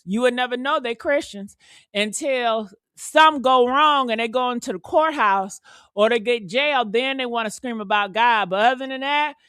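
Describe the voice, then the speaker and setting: A woman's voice: sits high, a bit bright, no room sound, clean studio sound. Fired-up sassy woman ranting on a live stream. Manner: fired-up, sassy, calls viewers honey and baby.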